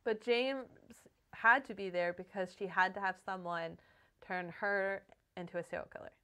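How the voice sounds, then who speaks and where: A woman in her thirties co-hosts a book podcast, chatting casually and swearing freely. She retells stories with animation, acting out the quoted voices. Her voice is smooth and medium-pitched, at a normal speed.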